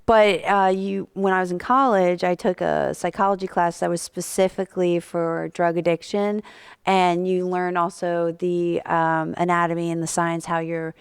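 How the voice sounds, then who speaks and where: A woman's voice: on the low side, steady tone, moderate pace, clean tone, dry recording, clean studio sound. A woman hosting an interview podcast in a casual, chatty way, laughing often and using lots of fillers. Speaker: podcast host and comedian.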